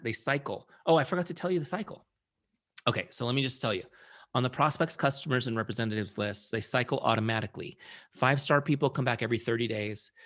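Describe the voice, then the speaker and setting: A middle-aged man who is a founder and sales trainer, giving an energetic, conversational training talk and often checking in with his audience. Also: mid-range voice. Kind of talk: live training presentation.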